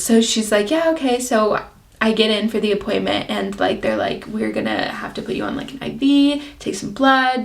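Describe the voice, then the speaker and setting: A woman of twenty chatting as a beauty vlogger, telling a personal story full of "like" and acting out her own past reactions. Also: mid-range voice. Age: 20s. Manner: chatty, filler-heavy storytelling with many "like"s. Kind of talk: casual get-ready-with-me chat.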